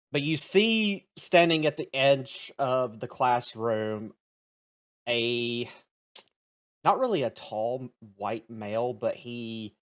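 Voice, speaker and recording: Man calmly running a tabletop game. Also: mid-range voice. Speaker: game master.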